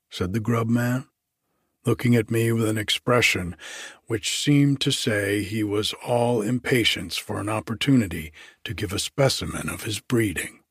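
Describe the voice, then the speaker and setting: A man narrating a classic story in a measured, deliberate reading. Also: fairly low pitch, slightly rough, no room sound, clean studio sound. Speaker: audiobook narrator.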